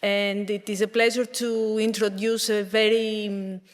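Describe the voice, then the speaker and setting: A woman with a Greek accent giving a careful conference presentation, pausing often with fillers. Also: medium pitch, flat delivery. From Greece. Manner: careful, hesitant with many fillers. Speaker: conference speaker. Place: lecture hall. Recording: long hall reverb.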